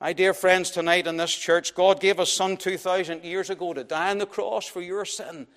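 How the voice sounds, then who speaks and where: High-voiced dramatic male preacher. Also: little pitch movement, normal speed. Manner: dramatic, swings from loud to hushed. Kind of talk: sermon with storytelling. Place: church.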